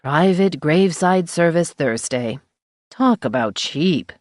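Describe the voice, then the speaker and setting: A husky, bawdy middle-aged undertaker's wife, voiced by a woman reading an audiobook, drawling her wisecracks slowly. The voice sits low and the recording is dry and close. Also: animated, darkish tone, no room sound. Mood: sly teasing. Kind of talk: audiobook character voice.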